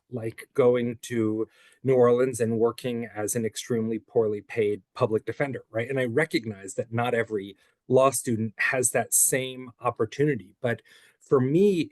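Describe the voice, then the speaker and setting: A man in his forties, an author and former public defender, giving earnest, measured interview answers. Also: mid-range voice, darkish tone, dry recording.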